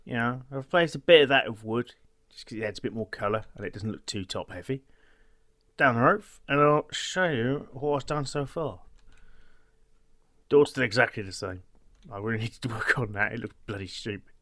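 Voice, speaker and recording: A man's voice: mid-range voice, moderate pace, a bit bright. A man giving casual gameplay commentary as a channel host, muttering to himself and counting blocks under his breath.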